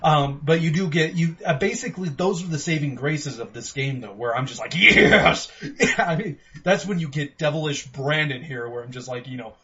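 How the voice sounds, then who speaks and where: Profane excitable male podcast co-host. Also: on the high side, a little fast, hardly any pauses. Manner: profane, excitable, rants with acted-out quotes. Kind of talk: casual game review chat. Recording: dull lo-fi sound with faint noise.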